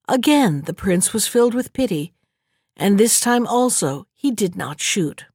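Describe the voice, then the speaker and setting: A woman narrates a fairy tale audiobook in a steady, measured manner. Her voice sits mid-range for a woman. The recording is dry and close, with no room sound. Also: mid-range voice, breathy edge, no room sound.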